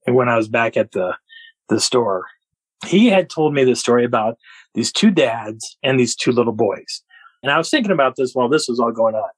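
A man guest on a podcast, telling a story in an animated way and laughing often. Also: medium pitch, slightly rough, dry recording, low-quality recording. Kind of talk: storytelling an encounter.

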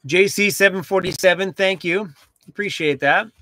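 A young man chatting casually to viewers from inside his van, lively and talkative, fussing over his dog. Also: sits high, moderate pace, no room sound. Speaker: van life vlogger. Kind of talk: casual livestream chat.

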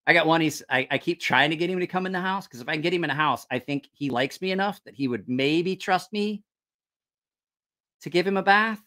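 A man's voice: a little high, brisk, bright, forceful tone. A man hosting a casual live stream who rambles, swears freely and loses his train of thought. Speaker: knife channel livestream host. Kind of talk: casual livestream chat.

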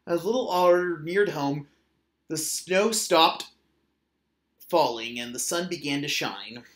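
A man reading a children's picture book aloud in a gentle, measured way. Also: fairly high pitch. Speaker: storyteller. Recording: roomy echo.

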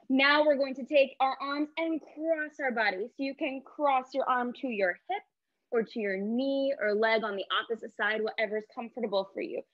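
A cheerful woman guides a movement warm-up for kids in a sing-song voice. Her voice sits fairly high. The sound is dry and a little lo-fi. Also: dry recording. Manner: upbeat, sing-song, leads call-and-response with voices. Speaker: teaching artist.

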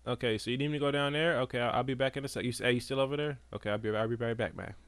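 Streaming a video game, this man keeps up casual, chatty commentary aimed at both his chat and the on-screen characters. His pitch is medium and he talks very fast in a smooth voice, with no echo in the recording.

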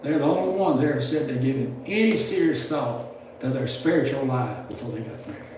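A man's voice: medium pitch, a little fast, a little mellow, a little hiss or hum. An older man, teaching preachers in a folksy, rambling sermon style with restarts and chuckles. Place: church classroom. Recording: roomy, distant mic with faint ambience.

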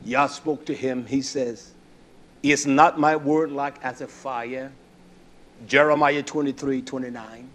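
A man's voice: mid-range voice, fairly even intonation, slow, fairly bright tone. A man preaching a sermon, telling folksy stories and acting out the quoted dialogue.

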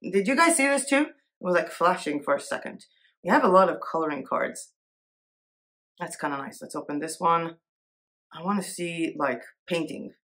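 A woman's voice: fairly low pitch, expressive, moderate pace, a bit bright. A woman vlogger chatting casually as she browses shops on screen, thinking aloud and giggling easily. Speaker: Etsy seller and art vlogger. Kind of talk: casual screen-share commentary.

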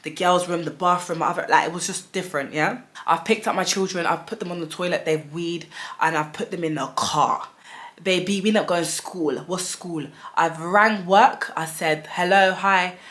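A woman in her thirties, a vlogger telling a storytime tale in an animated, dramatic way, full of fillers. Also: on the low side, normal speed. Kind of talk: storytime vlog.

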